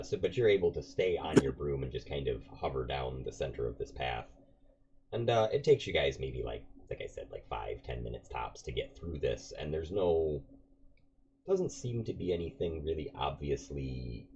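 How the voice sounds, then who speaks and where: A man's voice: extremely low pitch, vocal fry, darkish tone. A man running a tabletop game as game master, narrating in a loose, rambling way with many fillers. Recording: dull lo-fi recording with faint noise.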